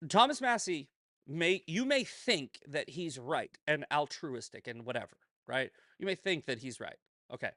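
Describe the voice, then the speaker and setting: A man's voice: on the high side, lively intonation, moderate pace, fairly bright tone, dry recording, clean studio sound. A man hosting a political commentary show, ranting in a profane, heated, combative way and often tagging on "right?" and "okay?".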